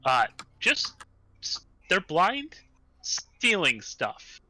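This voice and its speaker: A man's voice: high-pitched, wildly swooping pitch, very slow, bright, forceful tone, poor audio. A man playing a tabletop game who chats casually and offers playful, giggly suggestions.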